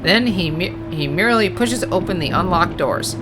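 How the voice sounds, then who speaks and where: Let's-play narrator: animated delivery, reads card text, chats and self-corrects over game music. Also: medium pitch, moderate pace. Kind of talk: reading game text aloud with casual asides.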